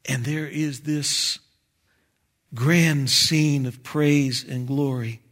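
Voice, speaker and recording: A man preaching a sermon, swinging between loud exclamations and quiet, intense asides. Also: on the high side, fairly even intonation, very slow. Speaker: pastor. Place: church sanctuary.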